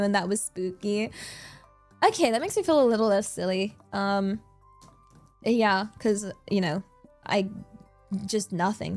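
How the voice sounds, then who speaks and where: A woman's voice: mid-range voice, darkish tone. A woman livestreamer in casual chat, giggly and rambling, thanking viewers as she reads the chat. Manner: rambling, many fillers and restarts.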